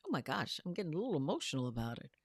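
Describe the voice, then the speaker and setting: A woman co-hosting a casual panel chat, telling animated stories and acting out what people say. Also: deep voice, racing, slightly rough, no room sound, clean studio sound. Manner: animated storyteller who acts out quotes. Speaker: podcast co-host.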